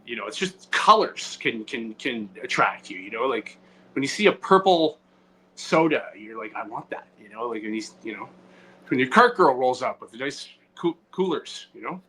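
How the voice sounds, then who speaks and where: A man's voice: medium pitch, animated, normal speed, a little hiss or hum, rough recording. A man co-hosting a comedy podcast in casual, rambling chat with many fillers. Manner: rambling, many fillers and restarts, loud swings. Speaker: podcast co-host.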